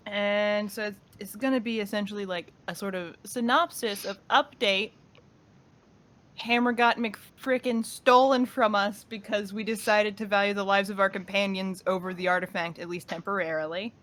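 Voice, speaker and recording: A woman's voice: mid-range voice, steady tone, moderate pace, fairly bright tone. A woman playing a tabletop game casually, rambling with many restarts. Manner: rambling, lots of restarts and fillers. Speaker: player.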